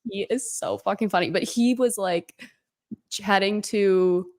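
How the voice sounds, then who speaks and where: A woman's voice: medium pitch, measured pace. Chatty young woman co-hosting a recap. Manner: chatty and animated, reads the live chat. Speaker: recap show co-host. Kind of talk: casual chat.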